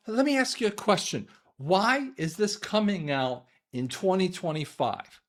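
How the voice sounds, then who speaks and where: A man, an audiologist, giving a rambling monologue commentary to his viewers, often repeating words, restarting sentences and clearing his throat. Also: on the high side, fairly bright tone.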